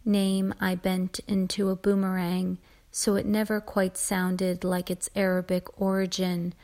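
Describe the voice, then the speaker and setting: A woman from the United States reading her own poem in a measured, lingering way, with line ends fading into a breathy whisper. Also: medium pitch, level tone, dark tone. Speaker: poet. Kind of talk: poetry reading.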